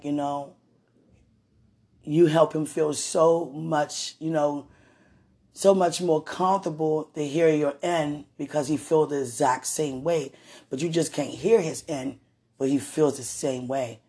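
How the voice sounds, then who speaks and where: Husky-voiced woman telling a story. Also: low-pitched. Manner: animated retelling that acts out quoted voices; religious, speaks of God and the Holy Spirit. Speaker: podcast host. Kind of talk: casual storytelling addressed to a partner.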